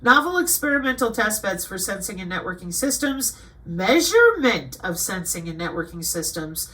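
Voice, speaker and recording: A woman's voice: mid-range voice, very animated, moderate pace, pushed and bright, rough recording. A woman reading aloud from a web page and commenting, indignant and lecturing at times. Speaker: online commentator.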